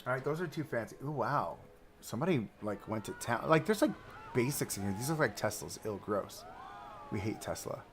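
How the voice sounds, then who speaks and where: A man live-streams a park-building game, talking a little fast and thinking aloud as he browses and places items, with faint music behind him. His casual commentary swings between excited outbursts and low mutters.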